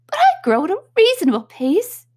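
A woman voicing a small, sleepy, grumbling male dormouse in a squeaky, peevish voice. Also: huge pitch swings, fairly quick, darkish tone, full character voice.

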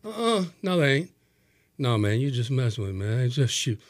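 A man's voice: medium pitch, very animated, brisk, no room sound, clean studio sound, pitched above the performer's own voice. A man voicing a drunk, belligerent man who drawls his words. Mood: drunk, scoffing. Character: drunk belligerent man, slurring, loose-limbed.

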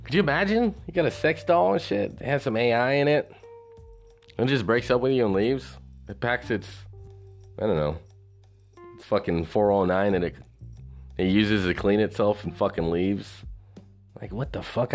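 A man's voice: lowish voice, normal speed, pauses often, faint music behind. A man talking casually about a movie in a rambling monologue, swearing freely and filling gaps with "you know" and "like". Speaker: movie reviewer.

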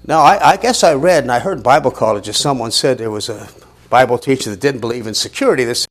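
A man's voice: mid-range voice, quick pace. A man teaching a sermon, reading scripture aloud with rising emphasis and asking rhetorical questions. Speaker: Bible teacher.

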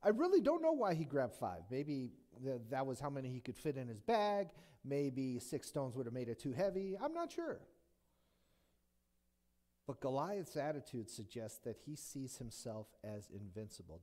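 A man preaches a sermon in an animated way, full of rhetorical questions and light jokes. His pitch swings widely, but it sits at a typical middle height for a man. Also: a little slow. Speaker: pastor.

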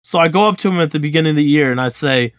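A man's voice: a little high, racing, clean tone, no room sound, clean studio sound. A young man in his twenties, co-hosting a podcast, telling a school story in a casual chat and acting out the dialogue. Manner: animated storyteller, acts out quoted dialogue. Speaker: podcast co-host.

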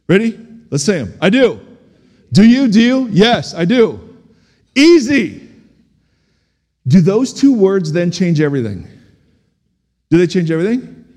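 Animated pastor preaching in a hall. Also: male voice, a little high. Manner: animated, humorous, asks the congregation questions. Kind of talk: sermon. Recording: long hall reverb.

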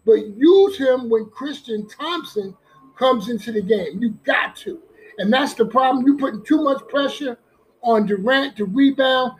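Man, podcast host, very high-pitched, emphatic, repetitive, streetwise solo talk. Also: poor audio. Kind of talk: energetic solo sports talk.

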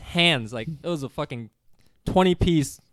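A man's voice: on the high side, measured pace, no echo, studio quality. A young adult man on a casual chat, telling stories animatedly, swearing and acting out quotes. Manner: animated, profane, acts out quotes. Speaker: podcast guest. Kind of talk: casual storytelling.

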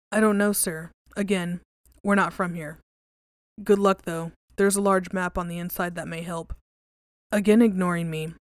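Low-voiced woman reading creepy stories. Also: dry recording, studio quality. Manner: relaxed and conversational, casual swearing. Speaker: podcast host reading stories. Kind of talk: reading creepy stories aloud, then casual chat.

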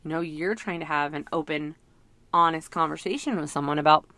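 A woman's voice: sits low, fairly quick, bright, forceful tone, dry recording. A middle-aged woman talking through her thoughts in a casual, rambling, reflective monologue, full of fillers. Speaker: parent sharing reflections.

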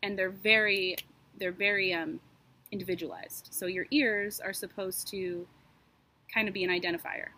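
Husky-voiced woman telling a true-crime story. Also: mid-range voice, steady tone, normal speed, bright, forceful tone. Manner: chatty and sarcastic, many fillers and asides. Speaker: podcast co-host.

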